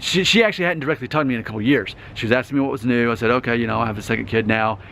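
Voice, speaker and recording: Man in his thirties, chatty vlog talk, confident, rambling, mid-pitched voice, faint car noise behind. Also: racing, gravelly, a bit bright. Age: 30s. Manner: chatty, self-assured, rambling with restarts. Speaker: vlogger. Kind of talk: casual talking-head vlog.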